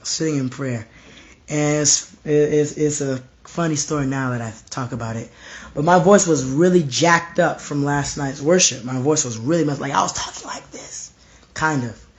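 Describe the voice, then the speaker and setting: A young man preaching informally at home, slightly hoarse, intense and repetitive, dropping to hushed tones when he quotes himself or God. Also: on the high side, normal speed. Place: home room.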